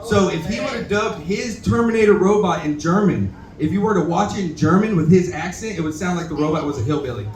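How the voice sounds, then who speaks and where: A young man with a drawl runs through a rambling, self-deprecating stand-up set full of cussing and asides to the crowd. His voice sits a little high for a man. It is caught from a distance in a roomy, echoey bar. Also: animated, fairly quick, few pauses, a little mellow. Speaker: stand-up comedian at open mic. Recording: echoey bar room recorded from afar.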